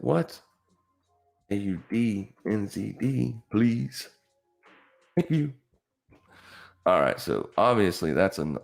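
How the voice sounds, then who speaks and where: A man's voice: low voice, gravelly. A man hosting a live trading stream, talking through charts in a blunt, casual coaching way, repeating himself for emphasis.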